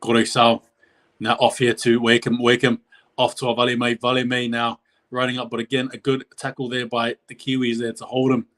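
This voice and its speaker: Man calling a game live, excitable. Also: fairly quick. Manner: rambling, self-correcting, pitch jumps at big plays. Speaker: live stream reaction host. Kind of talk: live play-by-play commentary.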